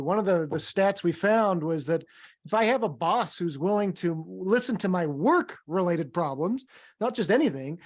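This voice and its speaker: A man co-leading a leadership training on a video call, encouraging and easy to laugh. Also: high-pitched.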